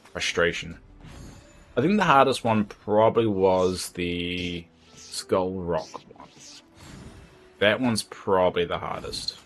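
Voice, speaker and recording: A man's voice: sits low, fairly bright tone. A man chatting casually and frankly while streaming a game, rambling from thought to thought. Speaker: livestreamer. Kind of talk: casual gameplay chat.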